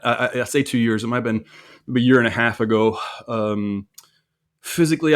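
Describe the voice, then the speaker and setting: A man telling a story about his own mistake in a candid, self-reflective way, with frequent restarts and repeated words. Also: mid-range voice. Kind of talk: conversational storytelling.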